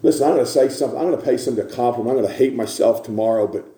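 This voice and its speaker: A man preaching a sermon in a church, building to repeated shouted refrains. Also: medium pitch, racing, roomy sound.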